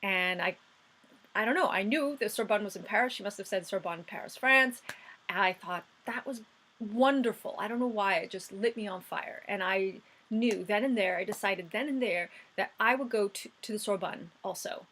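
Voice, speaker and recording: A woman's voice: mid-range voice, moderate pace, sharp tone. A woman, reminiscing in a chatty casual vlog monologue. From United States. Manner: chatty and reminiscing, with fillers and restarts. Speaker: vlogger.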